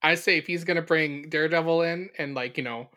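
A man chatting casually as a podcast co-host, tossing out loose theories that trail into fillers. His voice sits a little high and sounds bright and forward. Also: brisk. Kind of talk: casual chat.

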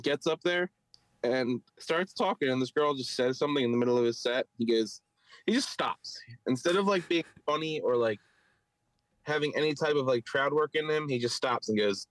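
A man's voice: mid-range voice, normal speed, dry recording, poor audio. A man with a Philadelphia accent, a podcast co-host and stand-up comic, telling a story in casual chat and mimicking others in raised voices. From Philadelphia area.

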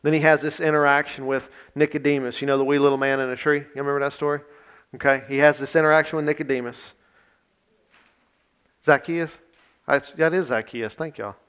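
A man's voice: fairly high pitch, steady tone, fairly quick, a bit bright, clear, resonant tone. A male pastor giving a conversational sermon, reading scripture with emphasis and talking plainly with his congregation.

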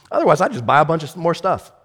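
A man pastor preaching with a high, ringing voice. He swings from shouted, stern rebukes down to near-whispered, tender storytelling. His voice trails off into a long reverb, as in a large hall. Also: breathy edge. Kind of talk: sermon.

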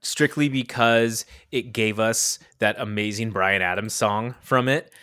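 A man's voice: on the low side, a little slow, sharp tone, clean tone, dry recording, clean studio sound. A man co-hosting a podcast in casual chat, laughing often and breaking into goofy singing. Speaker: podcast co-host.

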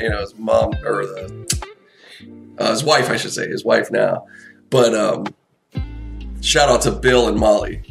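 A man's voice: mid-range voice, creaky, a bit bright. A man in a casual chat, telling a long, profane story with lots of restarts and fillers.

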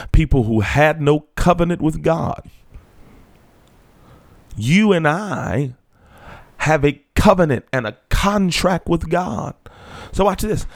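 A man preaching a sermon who reads scripture aloud, explains it in plain words, and slows down and drops low to stress a point. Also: no echo, studio quality.

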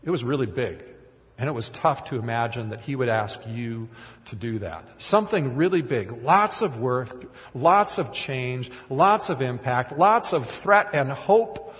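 A man's voice: medium pitch, expressive, a little slow, big-room sound. A man from Minnesota preaching a sermon in church, conversational and self-deprecating, with frequent restarts and asides. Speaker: pastor. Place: church sanctuary.

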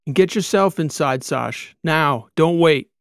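A male starship captain, voiced by the narrator himself, barks orders as a solar flare closes in. His voice is gravelly, loud and urgent, pushed a little higher than the narration around it. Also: unhurried, no echo, studio quality. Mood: commanding. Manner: shouting orders.

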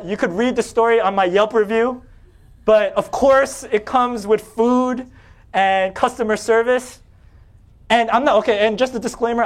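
A young male pastor preaches with a high voice, mixing quiet reflection with animated, self-mocking storytelling. He tends to climb in pitch and volume as he relives moments of anger. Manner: animated, self-deprecating, often rising in pitch and volume when retelling anger. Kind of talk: sermon with personal storytelling.

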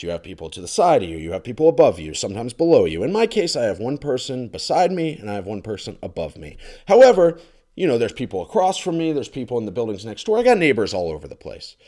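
Man, comedic solo rant, sarcastic and fed up, big pitch swings, close mic in a condo. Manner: exasperated, sarcastic, swings between loud outbursts and muttered asides. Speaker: ranting commentator.

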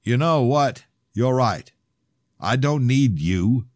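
A man's voice: mid-range voice, lively intonation, takes it slowly, a little mellow, dry recording, clean studio sound, voice pushed up. A man voicing an older male preacher who talks in an earnest, insistent way. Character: older male preacher, calm but pressing.

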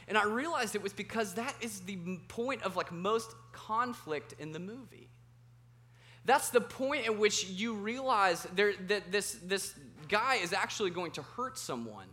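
A man in his thirties preaching to a live audience in a meeting room, praying and then telling funny stories while quizzing the crowd. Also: sits high. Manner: animated and self-deprecating, asks the audience questions. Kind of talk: sermon with prayer and humorous storytelling.

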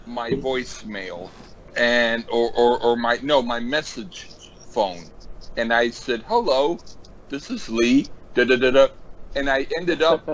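Slow halting man, dull lo-fi sound. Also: mid-range voice, fairly bright tone. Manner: slow and halting, restarts a lot. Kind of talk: casual chat. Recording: dull lo-fi with faint noise.

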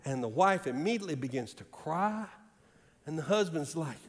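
A man preaching a sermon as pastor, swinging from loud raised calls to hushed low asides. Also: animated, moderate pace. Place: church sanctuary. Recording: long reverb in a large hall with faint music.

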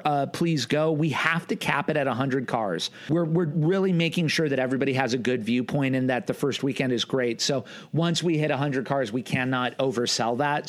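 A man hosting a casual podcast chat, rambling a little, correcting himself and teasing his co-hosts as he wraps up. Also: mid-range voice. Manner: rambling, self-correcting, playful. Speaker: podcast host.

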